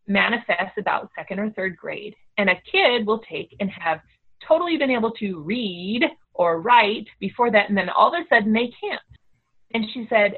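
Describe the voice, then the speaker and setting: A middle-aged homeschooling mother telling a story in a casual, animated way, acting out the voices of the people she quotes. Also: medium pitch. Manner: animated, acts out quoted dialogue. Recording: tinny phone-like audio.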